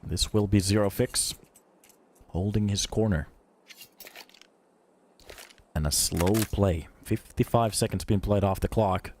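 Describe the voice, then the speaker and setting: A man giving solo play-by-play commentary on a live esports match. He chats with viewers between calls and breaks into loud, excited shouts on big plays. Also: on the low side. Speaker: esports caster. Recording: streamed commentary with steady background noise.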